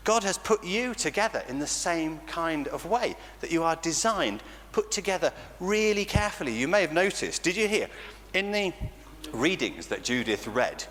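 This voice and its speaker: A man with an English accent leading an all-age church talk for children, animated and playful, often laughing. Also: fairly high pitch, moderate pace, few pauses. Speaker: church leader. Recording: church reverb with faint noise.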